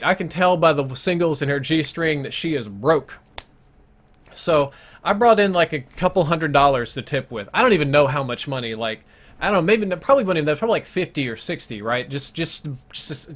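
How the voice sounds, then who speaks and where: A man's voice: fairly high pitch, lively intonation, moderate pace, fairly bright tone. A man streaming live gameplay, telling a long crude story in a rambling, self-interrupting way. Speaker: gaming streamer.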